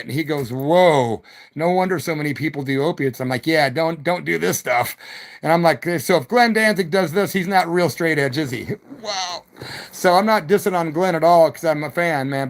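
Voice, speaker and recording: A middle-aged man, a rock musician, rambling through stories on his evening live stream with loose slang and the odd hoot. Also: fairly high pitch.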